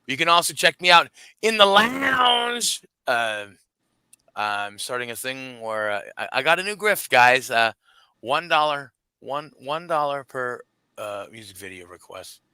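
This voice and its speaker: Male guest, rambling, hesitant, very bright clear voice. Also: medium pitch, big pitch swings, a little slow, no echo. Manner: rambling, hesitant, many fillers. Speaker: guest podcaster. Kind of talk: casual chat, plugging shows.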